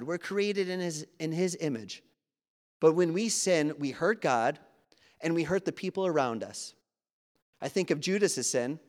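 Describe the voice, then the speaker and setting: Male preacher, slightly higher voice, earnest and conversational, big church reverb. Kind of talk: sermon. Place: church sanctuary. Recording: long hall reverb.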